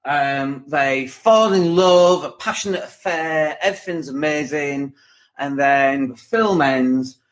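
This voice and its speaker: A man's voice: fairly high pitch, slow pace. A man in his forties giving a rambling, conversational motivational talk on his podcast, with lots of asides and filler words. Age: 40s. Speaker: podcast host. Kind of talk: motivational monologue.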